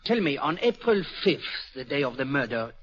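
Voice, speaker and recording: A man's voice: mid-range voice, big pitch swings, moderate pace, a bit bright. An actor playing a fussy, courteous Belgian detective with a French accent, who sprinkles French words into his speech, in 1940s radio acting. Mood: inquisitive, polite. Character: fussy, polite middle-aged Belgian male detective. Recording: dull old radio broadcast.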